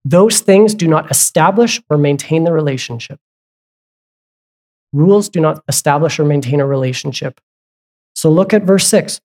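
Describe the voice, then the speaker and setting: A pastor preaching a sermon in a conversational way, asking the congregation question after question and breaking off for asides and quick corrections. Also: mid-range voice, darkish tone. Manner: asks the congregation repeated questions.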